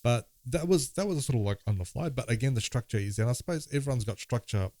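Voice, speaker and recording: A man co-hosting a music podcast, talking in a halting, thoughtful way with many restarts. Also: medium pitch, animated, dark tone, no echo. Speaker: podcast co-host, guitarist. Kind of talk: casual conversation about music.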